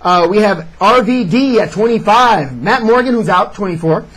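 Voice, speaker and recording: A man reviewing a wrestling show in casual chat, sarcastic and animated as he recaps. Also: high voice, moderate pace, slightly rough, low-quality recording.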